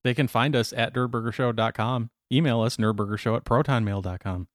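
A man's voice: medium pitch, fairly even intonation, brisk, very noisy. A man hosting a podcast, easygoing, laughing along and plugging the show. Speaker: podcast host. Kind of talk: casual chat.

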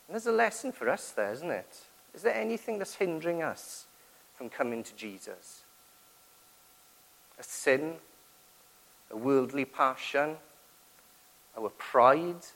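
A man's voice: fairly high pitch, animated, measured pace, gravelly, long pauses, fairly bright tone, rough recording. Man preaching with rhetorical questions. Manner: rhetorical questions, dramatic quoted prayers. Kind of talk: sermon.

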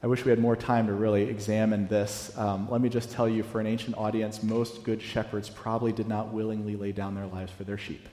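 A man in his thirties, a pastor giving a conversational sermon, repeating key phrases slowly for emphasis, in a church sanctuary. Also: on the low side, level tone, dark tone. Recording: echoey hall with long reverb.

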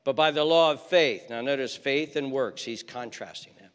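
A man preaching a sermon, stressing his points firmly and slowing right down when he reads scripture. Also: mid-range voice, a bit bright, clean tone, in a large hall. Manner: emphatic, slows down hard on scripture quotes. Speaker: pastor. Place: church.

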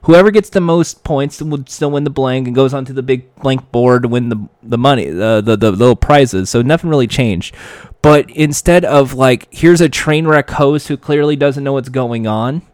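A man's voice: mid-range voice, moderate pace, a little mellow, no room sound, studio quality. A man chatting casually and enthusiastically as a podcaster, digressing often with fillers and restarts. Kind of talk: casual chat.

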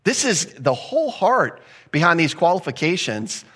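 Conversational preaching man, fairly high voice. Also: sing-song, moderate pace, sharp tone, husky. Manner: conversational preaching with acted asides and rising emphasis. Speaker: pastor. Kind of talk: sermon.

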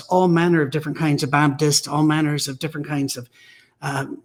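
A man's voice: a little high, steady tone, a little fast. A man giving a weekly preaching message, telling stories in a blunt, emphatic, conversational way. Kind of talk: weekly message on church teaching.

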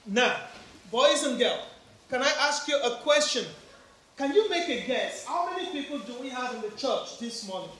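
A man's voice: extremely high pitch, expressive, moderate pace, pushed and bright. A man with an African accent preaching a family sermon in church, engaging the children and congregation with questions. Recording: very echoey church, faint background noise.

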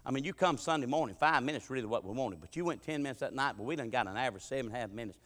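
Folksy preacher in an echoing church. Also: male voice, medium pitch, expressive, rapid-fire. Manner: folksy, dialect-heavy, swings from loud preaching to quiet asides. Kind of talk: sermon with humorous storytelling. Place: church sanctuary. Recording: reverberant church sanctuary.

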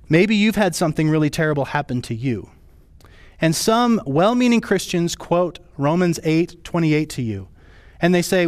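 A man preaching a sermon as pastor, his voice rising high and falling low for emphasis. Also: dry recording.

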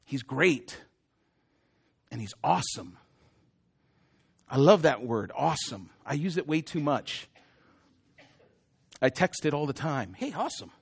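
A man's voice: on the high side, very animated, a little slow, vocal fry, long pauses, slightly rough. A man preaching a sermon in a conversational way, with self-deprecating jokes and asides to the congregation. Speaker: pastor.

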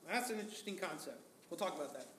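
A man's voice: on the high side, expressive, racing, a bit bright, echoey room, a little hiss or hum. A man preaching a sermon as pastor, talking in a conversational way, asking the congregation rhetorical questions and acting out quotes.

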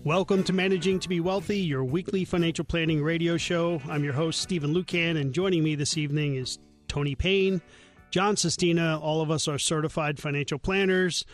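A man's voice: a little high, steady tone, brisk, faint music behind. A man hosting a weekly radio talk show, chatting casually and rambling with frequent self-corrections.

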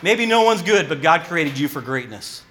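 Male preacher, high-pitched and animated. Sermon with humorous asides, in an echoey hall. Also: moderate pace, slight background noise. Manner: animated, joking asides, repeats words. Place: church hall.

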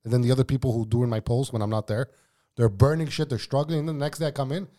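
A man tells restaurant stories in casual, profane chat. His voice sits at a middle pitch, and he keeps calling his friend bro. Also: steady tone, quick pace, warm tone. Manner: profane, storytelling, says bro a lot. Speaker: podcast guest, former cook.

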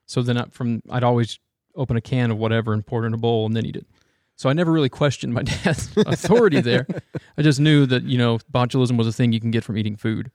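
A man's voice: medium pitch, fast, few pauses, darkish tone, dry recording, clean studio sound. A man in his thirties, a father of young kids, telling stories in casual chat with lots of fillers. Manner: rambling storyteller, many fillers.

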